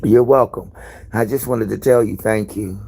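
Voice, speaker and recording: Male live-stream host, raspy and gravelly, loose profane storytelling. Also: on the low side, steady tone, moderate pace, darkish tone. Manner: candid, profane, rambling storyteller. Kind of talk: casual live-stream chat.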